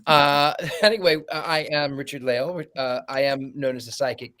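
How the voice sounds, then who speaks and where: A man's voice: medium pitch, fairly even intonation, moderate pace, sharp tone. A man co-hosting a casual panel chat over a video call, a little flustered and rambling. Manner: flustered, rambling self-introduction. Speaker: co-host.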